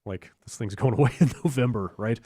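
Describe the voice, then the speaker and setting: A man's voice: medium pitch, brisk, dark tone, breathy edge, no echo, clean studio sound. A man co-hosting a podcast in casual chat, rambling and hesitant, with plenty of fillers. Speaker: podcast co-host.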